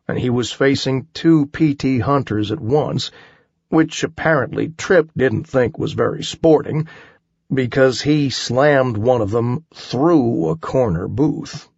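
Gravelly, slow male audiobook narrator. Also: medium pitch, dry recording, highs cut off. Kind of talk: first-person audiobook narration.

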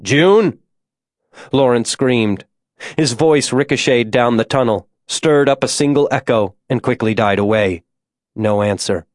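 Measured male audiobook narrator. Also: mid-range voice, no room sound, clean studio sound. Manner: measured, tense storytelling. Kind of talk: scripted narration.

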